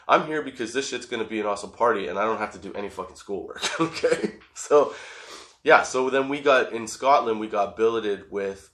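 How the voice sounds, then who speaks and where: A man's voice: on the low side, a bit bright. A man hosting a comedy podcast, telling a rambling, profane story and laughing at it as he goes. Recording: roomy echoey room.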